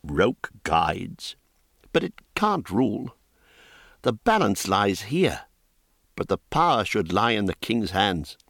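A man's voice: fairly low pitch, very animated, slow, gravelly, a bit bright, no room sound, clean studio sound, exaggerated voice. A man voicing a cocky, gossipy young male wizard student who talks in a chatty, offhand way. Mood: earnest.

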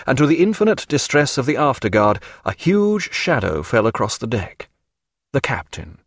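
Expressive man reading an audiobook. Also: medium pitch, no room sound, studio quality. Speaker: narrator. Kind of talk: audiobook narration.

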